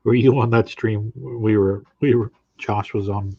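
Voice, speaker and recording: A man's voice: on the low side, fairly even intonation, creaky, husky, no echo. A man joining as a guest artist on a video call, chatting easily and tossing off short joking replies. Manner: easygoing, quick joking replies. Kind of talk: casual chat on a video call. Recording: dull lo-fi call audio, dry.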